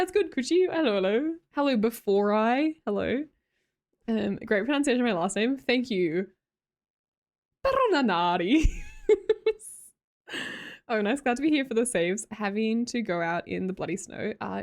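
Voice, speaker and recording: A young Australian woman live streamer chatting casually with her viewers, reading their messages aloud, laughing often and swearing freely. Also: on the high side.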